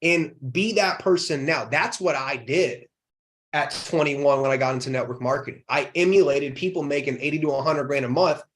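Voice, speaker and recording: Energetic motivational male guest. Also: fairly high pitch, moderate pace. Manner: energetic, motivational, rhetorical questions. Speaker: podcast guest. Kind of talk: motivational interview talk.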